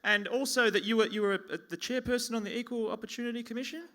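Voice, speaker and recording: High, bright-voiced Australian comedian. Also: male voice, fairly even intonation, fast talker. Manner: rambling, self-mocking, stammering restarts. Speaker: stand-up comedian. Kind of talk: stand-up comedy set. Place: pub venue stage. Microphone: stage mic at a lectern.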